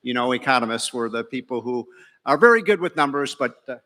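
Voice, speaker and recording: A man's voice: mid-range voice, expressive, a little fast, pushed and bright. A middle-aged man, an economist, giving a joking, folksy speech to a large breakfast crowd, with many fillers and restarts. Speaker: keynote speaker, economist. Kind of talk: after-breakfast speech with jokes. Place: large banquet hall. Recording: reverberant hall PA.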